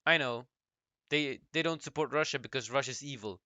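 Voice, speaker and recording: Guy doing a reaction vid, bright sharp voice, shoots stuff down bluntly, dry close sound. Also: medium pitch, normal speed, no room sound, muffled recording. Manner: blunt, dismissive, interrupts with rebuttals. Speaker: YouTube commentator reacting to a clip. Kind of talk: casual reaction commentary.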